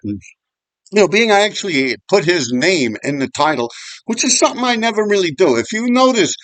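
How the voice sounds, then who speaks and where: A man telling a story in a casual, animated, profane way, laughing often. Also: on the high side, dry recording, poor audio. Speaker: vlogger.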